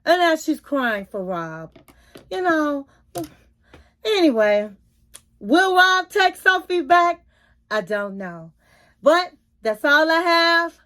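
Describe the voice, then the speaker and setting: A woman's voice: high voice, big pitch swings, takes it slowly, long pauses, a bit bright. A woman casually recapping a reality TV episode, giving blunt, opinionated takes in colloquial speech. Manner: informal, colloquial phrasing. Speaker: YouTube reality TV commentator.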